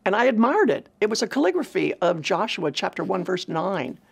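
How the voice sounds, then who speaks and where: A woman's voice: mid-range voice, sing-song, brisk, gravelly, slightly rough. A woman giving an earnest personal testimony, telling her story in a reflective way. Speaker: speaker at a women's ministry event.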